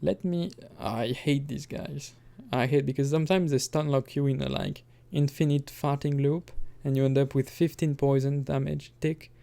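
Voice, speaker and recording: A man's voice: medium pitch, fairly even intonation, moderate pace, vocal fry, hardly any pauses, mellow. A man giving casual let's-play commentary, rambling and correcting himself, with chuckling asides. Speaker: gaming commentator.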